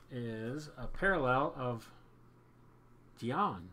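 A man's voice: medium pitch, very animated, slow, pushed and bright. A man casually narrating a hockey card box break as its host, chatty and upbeat, often repeating himself. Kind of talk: casual card-opening commentary.

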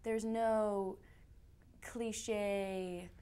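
A woman's voice: medium pitch, little pitch movement, extremely slow, warm tone, clean tone. A young woman from Canada, an actress being interviewed, chatty, laughing often and trailing off into fillers. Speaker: actress guest. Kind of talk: casual interview.

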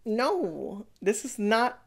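A woman's voice: on the high side, big pitch swings, very slow, vocal fry, husky. A woman hosting a casual reaction video, calling out the contestants directly with sassy pet names and giving blunt critiques. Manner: sassy, talks straight to the contestants with "honey" and "baby". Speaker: reaction channel host.

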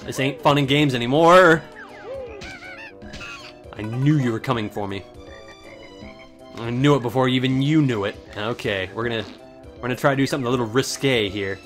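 A man's voice: medium pitch, moderate pace, pauses often, fairly bright tone, soft background music. A man doing casual let's play commentary, joking and irreverent and cursing freely as he plays. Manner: joking, irreverent, swears often. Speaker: gaming commentator.

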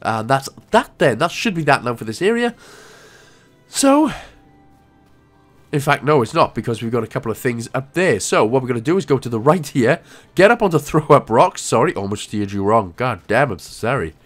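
A man's voice: mid-range voice, big pitch swings, fairly quick, faint music behind. A young Welsh man giving casual, rambling gameplay walkthrough commentary with jokey asides. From Wales.

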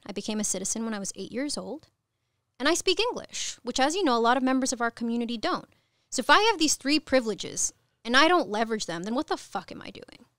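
A woman in her thirties from Ecuador, a cannabis attorney, speaking as a podcast guest in candid conversational storytelling, frank and animated, swearing casually. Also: fairly high pitch, smooth, dry recording, studio quality.

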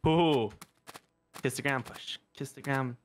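A man's voice: mid-range voice, slow pace, a little hiss or hum. A man playing a co-op game with a friend, chatting casually and laughing often. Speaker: co-op gaming partner. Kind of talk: casual gameplay chat.

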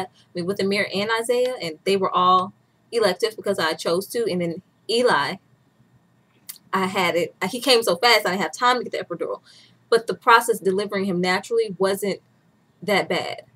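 A woman's voice: mid-range voice, fairly quick, a bit bright, husky. A woman in her twenties chatting candidly as a vlogger, laughing often as she talks. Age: 20s. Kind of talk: casual chat.

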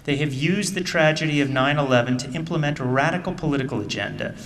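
A middle-aged man, an author speaking at a book event, reading aloud in measured tones and then telling a casual story full of fillers. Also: on the high side, a bit bright. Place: theater stage. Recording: distant mic in a reverberant theater hall.

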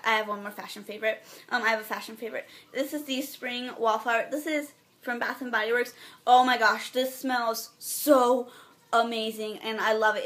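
Bubbly, gushing teenage girl vlogger. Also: a little high. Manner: often trails off into a soft, near-whispered aside. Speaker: beauty vlogger. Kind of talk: casual favorites vlog.

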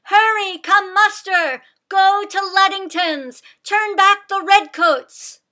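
A woman voicing a brave teenage girl on horseback, calling out the alarm with urgent rallying shouts. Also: high-pitched, takes it slowly, pitched above the performer's own voice. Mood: urgent shouting. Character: brave teenage girl rider rousing farmers.

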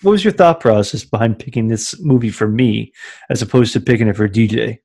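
A man's voice: on the low side, fairly quick, gravelly, a little mellow, breathy edge. A man co-hosting a podcast, chatting casually and asking his co-host questions about a movie. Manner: joking, asks lots of questions. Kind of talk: casual movie commentary chat.

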